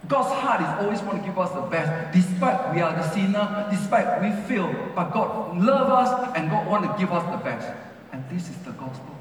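A man's voice: high voice, lively intonation, moderate pace, slight background noise. A man preaching a sermon as pastor in broken English, repeating phrases with rising and falling emphasis. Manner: preaching with non-native English grammar. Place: large church hall. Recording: echoey hall from far off.

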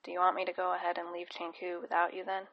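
Woman reading an earnest young man in a storybook, soft and gentle, gravelly low tone. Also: steady tone, brisk, muffled recording.

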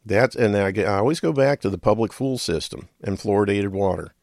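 A man's voice: fairly low pitch, fairly quick, creaky, darkish tone, no echo, studio quality. A middle-aged man hosting a radio talk show, rambling in a folksy way with chuckles and muttered asides.

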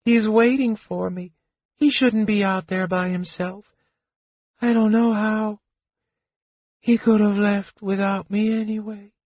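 A man's voice: sits high, steady tone, slow, long pauses, darkish tone, no room sound, voice pushed up. A man voicing a small, feverish male kender who speaks in a weak, broken whisper. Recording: dull lo-fi recording.

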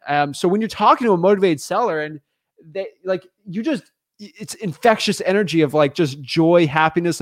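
A man's voice: on the high side, no echo, studio quality. A man hosting a live stream as a real estate coach, chatting casually with lots of fillers and restarts. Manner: energetic, rambling, many fillers and restarts.

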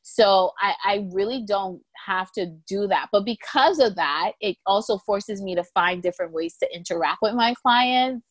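A woman lawyer as a podcast guest, telling stories in a lively, casual way and acting out quoted voices. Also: mid-range voice, moderate pace, hardly any pauses, no room sound. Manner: animated storyteller, acts out quoted voices with laughter. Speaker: guest, intellectual property lawyer.

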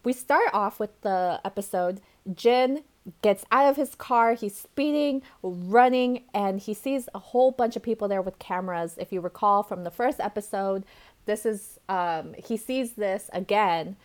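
A woman's voice: medium pitch, measured pace, a little mellow. Chatty woman recounting a comic. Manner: chatty storyteller, slangy asides. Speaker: podcast co-host. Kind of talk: casual chat, recapping a webcomic.

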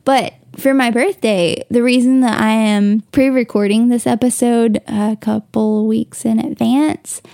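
A woman's voice: on the high side, steady tone, measured pace, gravelly, few pauses, mellow, no room sound, studio quality. A young woman hosting a casual solo podcast from home, gushing and emotional, tearing up at times. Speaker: podcast host. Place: bedroom at home, on the bed.

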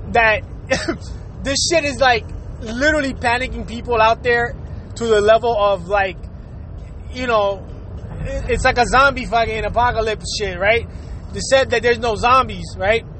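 Very high-pitched and a bit bright, this man's voice carries over a little hiss or hum. He's hosting his own podcast, delivering a loose, profanity-laced rant peppered with fillers and frequent laughter.

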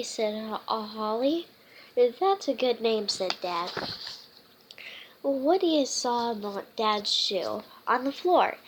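A woman reading a children's picture book aloud as a storytime host, halting often with fillers and restarts. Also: on the high side, expressive, rough recording. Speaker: storytime reader.

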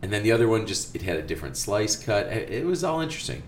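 Deep-voiced man, casual and roomy. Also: quick pace, slight background noise. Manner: animated storyteller, frequent "like". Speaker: podcast co-host. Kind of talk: casual chat.

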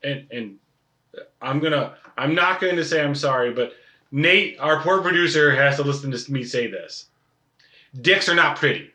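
A man co-hosting a podcast who speaks frankly and answers with quick reactions and interjections. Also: a little high, sharp tone, reverberant. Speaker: podcast co-host. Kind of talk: casual podcast chat.

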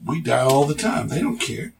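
A man's voice: fairly high pitch, sing-song, normal speed, gravelly, slight background noise. A man voicing a weary, deferential older male orc who talks in a folksy drawl, recorded on a distant mic. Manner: folksy drawl, stammering and polite.

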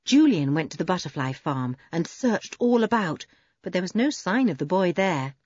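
A woman reading a children's storybook aloud in an expressive, animated way. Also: on the low side, moderate pace, slightly rough, dry recording, lo-fi sound. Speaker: audiobook narrator. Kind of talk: storybook narration.

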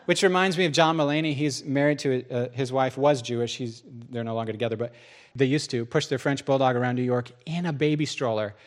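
A man preaching a sermon as pastor, telling stories in a lively way and jumping into other people's voices. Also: a little fast. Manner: lively storytelling, jumps into high voices for quotes.

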